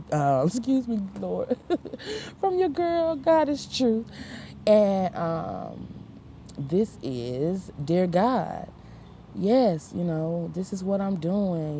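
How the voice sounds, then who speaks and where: A woman's voice: fairly low pitch, dark tone, a little hiss or hum. A woman giving a rambling, preachy faith vlog monologue. She talks straight to her viewers, calling them honey and y'all, restarting lines and laughing at herself. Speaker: vlogger.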